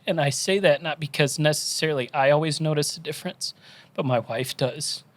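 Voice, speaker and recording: A man on a podcast telling his conversion story in an earnest, animated way, moved to tears. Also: on the high side, brisk. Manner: earnest, animated storytelling with quoted inner voices. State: tearful, crying. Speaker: podcast guest.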